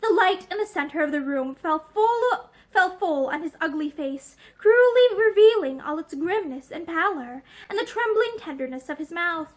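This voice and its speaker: A woman reads a novel aloud in a steady, expressive voice, indoors in a room with bookshelves. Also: very high-pitched, moderate pace. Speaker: narrator.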